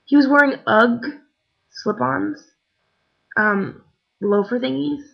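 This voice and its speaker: A tired young woman rambles through a casual vlog, peppering her talk with "like" and "um". Her voice has a gravelly fry. The recording sounds dull and lo-fi, like a cheap webcam. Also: medium pitch, sharp tone. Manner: chatty, rambling, lots of "like" and "um". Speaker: vlogger. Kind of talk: casual chat.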